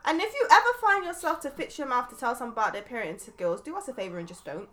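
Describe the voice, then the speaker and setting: A young British woman chats as a podcast co-host, telling stories with lots of energy and slipping into other people's voices. Her voice sits a little high and sounds bright, and her pitch swings widely. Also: quick pace. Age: young adult. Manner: animated storyteller acting out students' voices. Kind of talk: casual chat.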